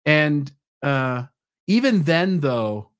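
A man's voice: fairly high pitch, sing-song, extremely slow, fairly bright tone. Thoughtful man in his forties. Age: 40s. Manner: thoughtful, explanatory, with fillers. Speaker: podcast guest. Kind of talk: conversational interview.

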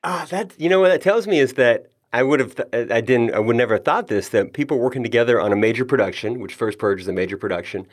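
A man's voice: mid-range voice, expressive, quick pace, few pauses. A man hosting a podcast interview, friendly and jokey, with self-deprecating asides. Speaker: podcast host. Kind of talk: casual interview chat.

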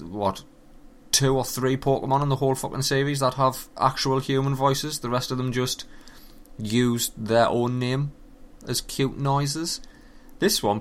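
A man giving a casual, animated and profane running commentary on video games. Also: mid-range voice. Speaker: gaming commentator.

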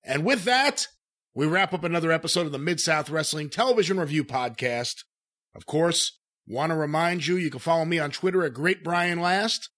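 A man co-hosts a casual podcast, looking back at old matches and reading the show's plugs. His voice sits a little high and moves at a normal speed. He's relaxed and finishes up with the plugs.

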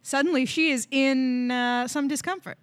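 A woman co-hosting a casual chat about a TV episode, playful, with quick quips and laughter. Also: high voice, steady tone, no room sound. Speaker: podcast co-host.

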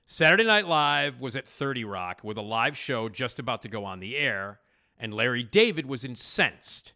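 A man hosting a podcast, casually retelling a TV backstage story with animated emphasis and frequent fillers. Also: medium pitch, moderate pace. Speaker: podcast host.

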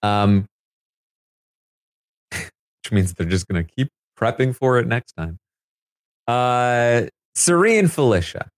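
A man's voice: medium pitch, sing-song, takes it slowly, pauses often, dry recording, studio quality. A man hosting a casual recap of a reality show, chatty and full of fillers, laughing as he talks. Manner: chatty, filler-heavy, laughs while talking. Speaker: live feed recap host.

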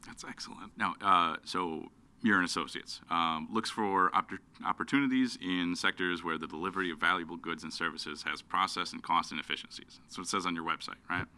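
A man interviewing a guest, asking measured questions with some fillers. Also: deep voice, pushed and bright, clear, resonant tone.

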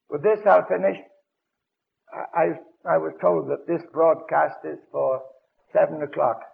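An older man preaching a sermon on a radio broadcast, telling stories dramatically with sudden loud bursts, on a dull lo-fi old recording. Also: a little high, gravelly. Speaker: evangelist preacher.

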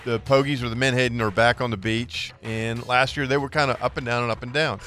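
Bright-voiced middle-aged fishing captain. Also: male voice, mid-range voice, a little fast. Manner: animated, lively storyteller. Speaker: guest charter captain. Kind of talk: storytelling on a radio talk show.

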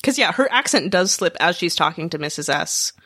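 A woman's voice: on the low side, lively intonation, brisk, pushed and bright, no room sound, clean studio sound. A woman co-hosting a TV discussion podcast, chatting casually and reading out listener feedback. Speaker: podcast co-host.

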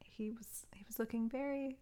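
A woman's voice: on the high side, steady tone, moderate pace, warm tone. A woman co-hosting a casual film review chat, gushing as she retells favorite scenes. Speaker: podcast co-host.

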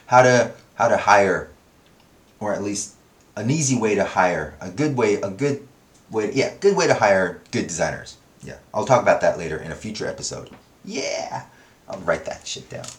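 A man hosting a podcast in a casual, rambling monologue, swearing freely and correcting himself as he goes. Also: low voice. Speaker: podcast host. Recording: echoey room.

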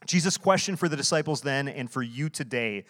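A man's voice: mid-range voice, expressive, brisk, a bit bright. A man preaching a sermon, explaining scripture earnestly and asking rhetorical questions. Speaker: guest preacher. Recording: long hall reverb.

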